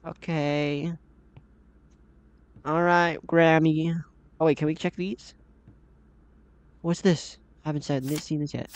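A man's voice: a little high, measured pace, pauses often, clean tone, dry recording. A man giving casual, jumpy horror gameplay commentary, talking to himself and calling out to the characters, his voice often cracking upward. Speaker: gaming channel host. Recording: slightly dull lo-fi mic.

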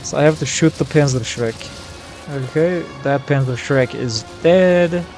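Slow-talking excitable gamer man. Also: fairly high pitch, soft background music. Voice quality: excitable, yelling, swearing. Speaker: streamer. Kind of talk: live gameplay commentary.

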